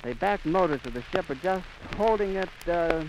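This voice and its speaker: On a 1930s archive recording with faint rain noise, a man reports live for radio from an airfield outdoors in the rain, in a florid announcer style. His high voice moves with lively intonation at a moderate pace, and his commentary turns into a frantic, sobbing, breathless outcry.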